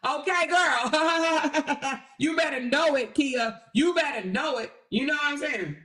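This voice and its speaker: A woman's voice: sits high, unhurried, sharp tone. A woman hosting a livestream, ranting combatively at her viewers and swearing heavily. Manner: brash, combative, heavy swearing; addresses viewers directly with repeated "okay?". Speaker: livestream host. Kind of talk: profane live-stream rant.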